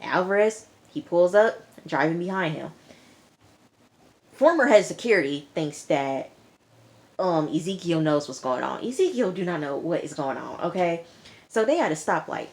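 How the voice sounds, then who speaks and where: A woman vlogger recapping a TV episode in a casual, lively way, full of slang and quick asides. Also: on the low side. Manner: lively retelling with slang and acted-out quotes. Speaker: TV review vlogger.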